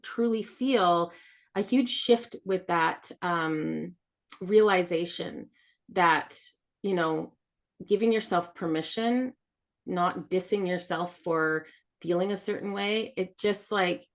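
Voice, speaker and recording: Low, gravelly woman in candid chat. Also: slow pace. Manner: candid, rambling, many fillers. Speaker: podcast co-host sharing her experience. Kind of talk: casual heartfelt chat.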